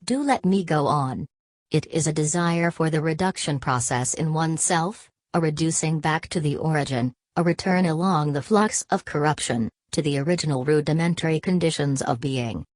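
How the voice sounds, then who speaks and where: A man's voice: fairly high pitch, moderate pace, dry recording, lightly acted. A woman reading an audiobook, voicing a tipsy, giggling young man who squeals and hiccups. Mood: tipsy, gushing.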